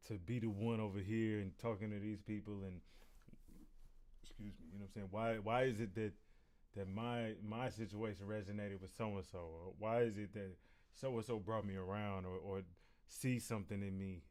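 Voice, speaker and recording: A man's voice: lowish voice, fairly even intonation, moderate pace, darkish tone. A man hosting a reaction video, rambling through a casual motivational talk full of "you know what I'm saying" and swearing. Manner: candid and profane.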